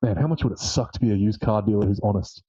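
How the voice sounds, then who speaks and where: Guy doing a chill podcast interview, mellow voice, kinda dull lo-fi sound. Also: on the low side, fast talker, husky, no echo. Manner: relaxed, agreeing and reflecting back. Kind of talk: casual podcast chat.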